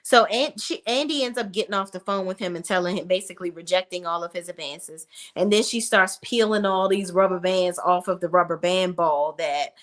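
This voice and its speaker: A woman's voice: on the low side, fairly quick, few pauses, a bit bright. A young woman giving a blunt, casual recap of a TV episode, swearing freely as she comments. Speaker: TV recap reviewer.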